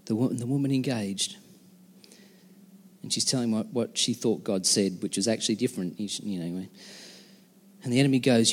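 A man preaching a conversational, emphatic sermon with dramatic pauses as a pastor. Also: mid-range voice, breathy edge. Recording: long hall reverb.

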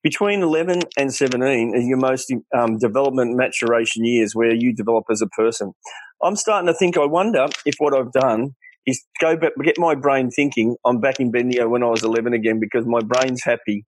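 An Australian man in middle age talks openly as an interview guest. His pitch sits in an ordinary middle range, and he tells his stories with animated earnestness, slipping into the voices of the people he quotes. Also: fairly quick, a little hiss or hum, low-quality recording. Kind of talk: candid storytelling interview.

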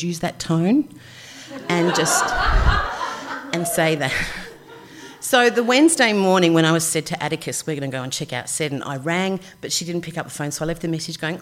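A woman's voice: sits low, moderate pace. Chatty Australian woman telling a story. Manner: chatty, animated, acts out quoted voices. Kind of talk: live storytelling.

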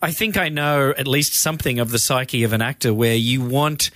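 A man being interviewed as a guest, chatting in a playful, relaxed way and laughing often. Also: mid-range voice, normal speed, no room sound. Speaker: guest filmmaker. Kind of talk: casual interview chat. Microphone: studio mic in a podcast booth.

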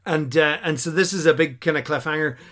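Guy hosting a podcast, kinda high voice, animated, does goofy voices for quotes. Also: a little fast. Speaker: podcast host. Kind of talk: casual chat.

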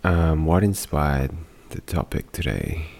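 A man hosting a casual podcast monologue, talking quietly with frequent ums so as not to wake others at home. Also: very deep voice, slow, creaky. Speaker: podcast host. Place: home at night, others sleeping nearby.

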